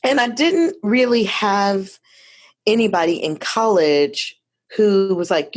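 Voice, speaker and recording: A woman in her fifties from Detroit, a guest telling her life story in a lively, chatty way with many asides. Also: medium pitch, slow. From Detroit, USA. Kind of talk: casual storytelling conversation.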